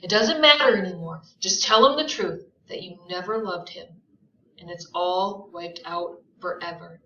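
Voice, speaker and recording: A woman's voice: lowish voice, measured pace, sharp tone, reverberant, far from the mic, dull audio, slight background noise. A woman reading aloud as an earnest, desperate lover, urgent and pressing.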